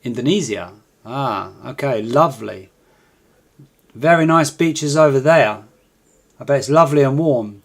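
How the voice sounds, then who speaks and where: A man's voice: medium pitch, lively intonation, unhurried, long pauses. Chatty man hosting a live stream. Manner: chatty and self-mocking, coaxing viewers to join in. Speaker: trading live-stream host. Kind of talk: casual live-stream chat.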